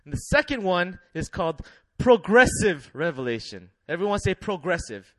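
A young man preaching a sermon in a lively, laughing way, leading the congregation in call-and-response. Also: sits high, normal speed, no room sound.

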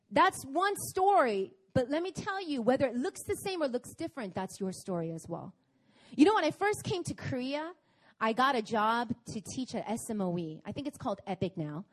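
A young woman preaching at a prayer meeting, telling a personal story in an animated, chatty way. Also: on the high side, moderate pace. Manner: animated, chatty storytelling with laughs and acted-out quotes. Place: church meeting hall in Korea.

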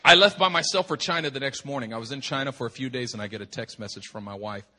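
Man, pastor, storytelling sermon, animated, bright tone, slightly husky. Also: medium pitch, quick pace. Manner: animated, self-deprecating, chuckles between phrases.

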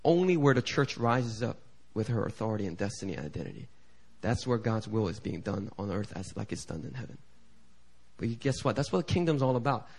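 A middle-aged man preaching a sermon as pastor. He swings from quiet asides to loud, climbing appeals and acts out the prayers he quotes. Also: fairly low pitch, sing-song, fairly quick, vocal fry, husky. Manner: preaching with big swings in volume, building to shouted climaxes; acts out quoted voices and prayers in shifting tones.

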